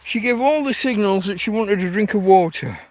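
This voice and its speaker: A man's voice: high voice, brisk, dry recording. A man, hosting a casual livestream from a tent in a field, talking to his dog in an exasperated, sweary way. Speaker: livestream host. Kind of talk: casual night-time livestream chat.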